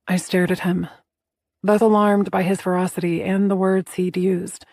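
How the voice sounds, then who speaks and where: A woman narrating a first-person romance audiobook in a soft, intimate storytelling manner. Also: fairly low pitch, flat delivery, normal speed, no room sound, studio quality.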